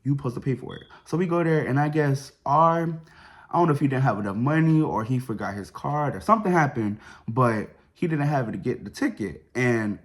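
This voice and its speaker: Fast-talking young man telling a story. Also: expressive. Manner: chatty, slangy, fillers like boom and whatever. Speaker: vlogger. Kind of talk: casual storytime.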